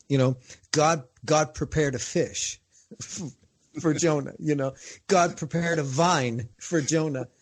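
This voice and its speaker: A male interview host with a notably high voice. He tells stories with animated energy, often laughing as he talks. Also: takes it slowly, breathy edge. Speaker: podcast host. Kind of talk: casual interview chat.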